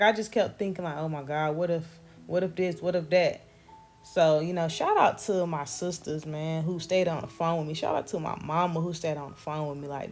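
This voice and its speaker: A young woman from North Carolina, telling a casual storytime vlog with animated swearing and calling her viewers y'all. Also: on the low side. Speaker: vlogger.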